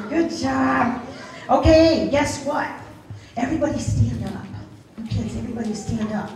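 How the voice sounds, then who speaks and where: A middle-aged woman performing a high-energy live children's show, coaxing the kids to join a sing-along. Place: room at a live children's event. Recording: echoey, noisy live room from far off.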